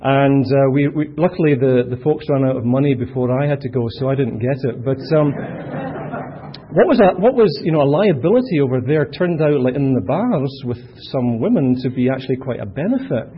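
A man's voice: mid-range voice, animated, brisk, slight background noise. A middle-aged man with a Scottish accent giving a personal testimony at a recovery meeting, chatty and self-deprecating with many fillers. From Scotland. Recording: dull lo-fi recording.

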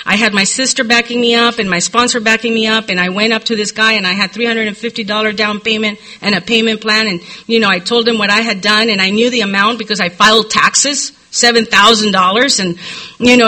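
A middle-aged woman giving a personal recovery testimony from a podium microphone, telling her story candidly and filling pauses with "you know.". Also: a little high, sharp tone, rough recording. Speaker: recovery meeting speaker.

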